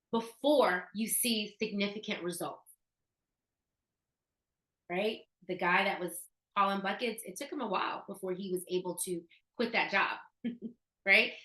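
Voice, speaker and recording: A woman presents a business opportunity in a casual, emphatic way, piling up rhetorical questions and dropping in slang. Her voice is bright and forceful, and it rings in an echoey room. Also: mid-range voice. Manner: casual, slangy, laughs often.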